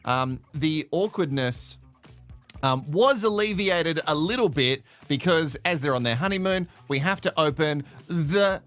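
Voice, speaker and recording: A man's voice: on the high side, animated, unhurried, fairly bright tone, faint music behind. A man from Australia hosting a live show from home in playful, teasing casual commentary. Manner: chatty, playful, teasing, laughs often. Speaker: host.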